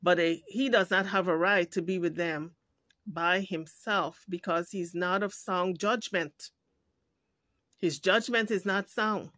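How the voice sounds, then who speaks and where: A woman's voice: on the low side, fairly even intonation, unhurried, fairly bright tone, no echo. A woman hosting a commentary video, ranting indignantly and scolding, with frequent swearing. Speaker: YouTube commentary host. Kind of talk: heated commentary rant.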